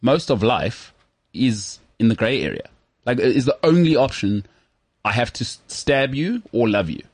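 Husky South African man, casual chat. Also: medium pitch, unhurried, dry recording. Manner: animated, jumps into mock voices. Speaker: podcast co-host.

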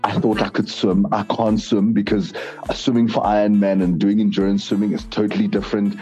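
A man hosting a casual interview, telling stories in an animated, rambling way. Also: lowish voice, brisk, lo-fi sound, soft background music. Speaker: host.

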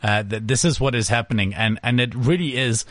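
A man's voice: mid-range voice, brisk, fairly bright tone, dry recording. Brief: middle-aged man, blunt opinionated co-host, dry close mic. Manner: blunt, ranting, acts out quotes. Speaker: podcast co-host. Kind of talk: casual chat.

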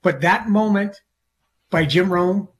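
A man's voice: high voice, slow pace. A middle-aged man co-hosting a sports talk show, ranting emphatically and often repeating himself. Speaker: sports radio co-host.

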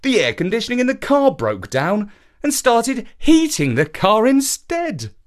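A man's voice: very high-pitched, wildly swooping pitch, a little slow, pitched above the performer's own voice, exaggerated voice. A man voicing an annoyed, overheated father in a children's story read aloud. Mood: angry. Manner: grumbling, annoyed. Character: angry, overheated dad.

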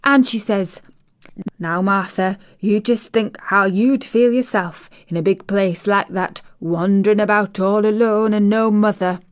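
A woman's voice: mid-range voice, measured pace, dry recording, studio quality, close to an everyday voice. A woman voicing a cheerful, chatty young maid with a broad Yorkshire accent. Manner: broad dialect, eager.

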